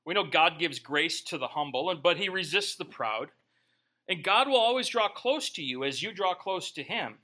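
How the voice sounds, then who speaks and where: Bright-voiced male pastor preaching. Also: on the high side, normal speed. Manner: conversational, joking asides, lively. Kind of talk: sermon.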